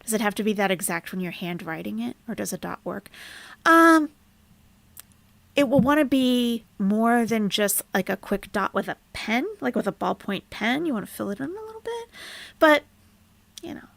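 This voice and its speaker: A woman's voice: a little high, expressive, moderate pace, creaky, no echo. A woman teaching numbers in a live online lesson, patiently repeating words for learners and greeting viewers in the chat. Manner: drops to a soft whisper while fiddling with the screen. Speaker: Arabic teacher on a live stream.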